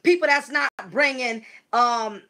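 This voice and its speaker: A woman's voice: high voice, a little slow, sharp tone. A woman talking casually to her viewers in a chatty, emotional way, often calling them y'all. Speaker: vlogger. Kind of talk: casual talk to camera.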